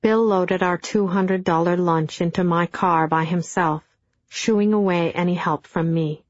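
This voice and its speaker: A middle-aged woman narrating an audiobook in a dry, deadpan storytelling manner. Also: fairly low pitch, a little slow. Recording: dull, dry studio sound.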